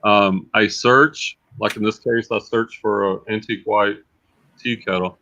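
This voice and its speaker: A man's voice: on the low side, fairly even intonation, a little slow, creaky, pushed and bright, a little hiss or hum. A man hosting a casual livestream, chatty and repeating words as he thinks aloud. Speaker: livestream host and reseller. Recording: slightly dull lo-fi sound.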